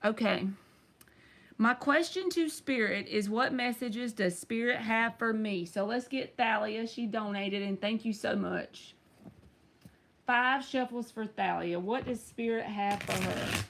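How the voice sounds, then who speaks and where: Woman, tarot reader, casual live stream, teasing and chatty, slow delivery. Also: a little high, vocal fry, a bit bright. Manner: chatty, teasing, addresses viewers by name.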